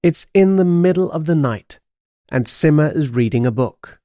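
A man reading a children's audiobook aloud in an expressive storytelling manner. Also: on the high side, moderate pace, no echo, studio quality. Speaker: audiobook narrator.

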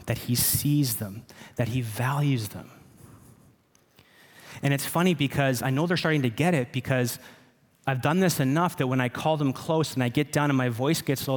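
A man in his thirties, a pastor preaching a sermon in an earnest, personal way. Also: medium pitch. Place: church sanctuary. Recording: reverberant church hall.

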